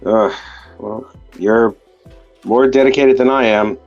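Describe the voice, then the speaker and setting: Playful guy on a stream call, mid pitch, muffled lo-fi sound, faint music behind. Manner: playful, jokey, quick to react. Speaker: stream guest. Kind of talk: casual chat on a live stream. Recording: dull lo-fi call audio.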